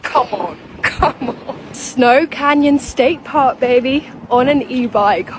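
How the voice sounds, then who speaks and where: Young woman from England, slow and tearful, outdoor phone vlog. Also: high voice. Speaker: travel vlogger. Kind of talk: casual travel vlog. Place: outdoors in a desert canyon. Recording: outdoor phone clip with clear background noise.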